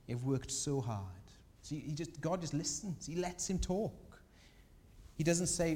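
A man preaching a sermon as pastor, earnest and gentle, his emphasis rising on key points. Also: medium pitch, fairly quick, in a large hall. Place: church.

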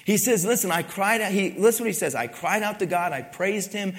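A man preaching a sermon in a church speaks in a high voice, a little fast, with a fairly bright tone. As pastor he asks the congregation questions and emphasizes his points, and the recording has a church hall's long reverb.

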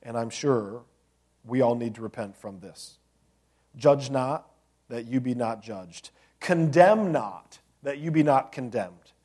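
A man's voice: medium pitch, expressive, takes it slowly, mellow. A man preaching a sermon as a pastor, conversational, with joking asides and rhetorical questions to the congregation.

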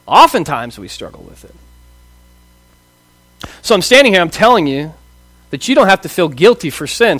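A man in his thirties gives a sermon in a loose, chatty way. His voice sits high for a man, and the sound is dry and close. He keeps asking the room questions and slips into little acted-out voices. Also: no echo. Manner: casual, asks rhetorical questions, acts out quoted voices. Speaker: pastor. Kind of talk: conversational sermon.

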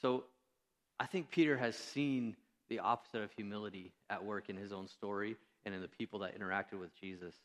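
A man delivers a sermon as pastor in a reverberant church hall, his fairly low voice a little fast with fairly even intonation. Conversational and self-deprecating, he uses fillers and acts out his characters' lines.

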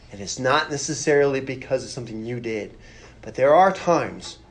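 A pastor giving a conversational sermon, earnest and plain-spoken, with rhetorical questions and repeated phrases. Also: male voice, mid-range voice.

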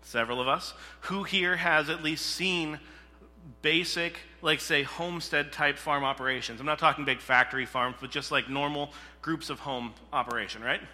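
A man's voice: fairly high pitch, moderate pace, sharp tone. A man preaching a conversational sermon, asking the congregation questions and telling stories from scripture. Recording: echoey hall.

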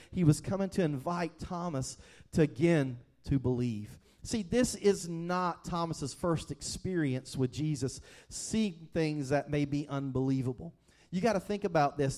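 A man's voice: fairly high pitch, darkish tone. Earnest, conversational male pastor preaching. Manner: earnest, conversational, repeats and restarts words. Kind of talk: sermon.

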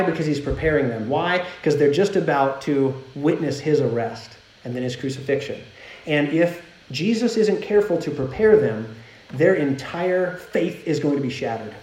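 A man preaching a sermon in a conversational style, growing animated when he retells scenes. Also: a little high. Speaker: pastor. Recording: roomy echo.

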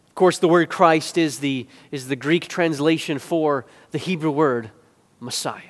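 A man preaching a sermon, building from quiet explanation to loud, emphatic peaks and back to hushed asides. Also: mid-range voice, a little slow, big-room sound. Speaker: pastor.

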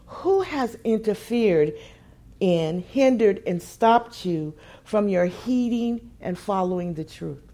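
A woman preaching a sermon, musing quietly at times and building to emphatic, repeated phrases at others. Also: medium pitch, lively intonation, slow pace.

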